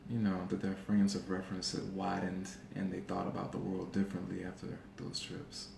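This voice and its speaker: A man in his forties talking in a casual, reflective way, measured and pausing with fillers. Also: low-pitched, monotone, creaky, a little mellow. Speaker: podcast co-host. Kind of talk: casual conversation. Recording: echoey room with faint background noise.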